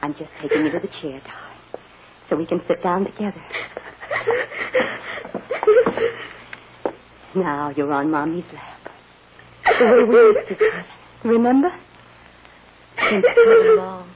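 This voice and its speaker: A woman's voice: deep voice, fairly even intonation, fairly quick, phone-quality sound, lightly acted. A woman playing a tender, anxious mother, soothing and sometimes tearful, in 1940s radio acting. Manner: soothing, emotional, tearful at times. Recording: scratchy old radio recording, hiss.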